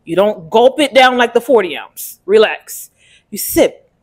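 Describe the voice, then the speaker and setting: A woman vlogging casually to camera, sassy and playful, reviewing a wine with sudden loud exclamations and Southern-tinged slang. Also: medium pitch, expressive, a little slow.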